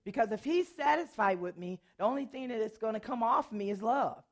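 An older woman pastor and worship leader, preaching in a storytelling way, animated and often laughing as she tells a personal story. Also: a little high, fairly quick. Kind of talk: sermon storytelling.

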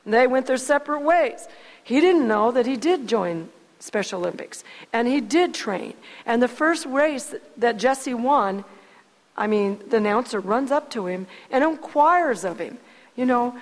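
Older lady telling a story, kinda higher voice, wanders off on tangents, big echoey hall. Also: lively intonation, unhurried. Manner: rambling, with restarts and asides. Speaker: speaker sharing a story. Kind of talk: casual storytelling talk. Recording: long hall reverb.

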